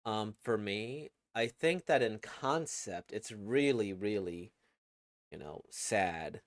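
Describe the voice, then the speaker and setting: A man's voice: lowish voice, expressive, slow, no echo, clean studio sound. A man casually reacting to a webcomic he reads, rambling and reflective, with many fillers and restarts.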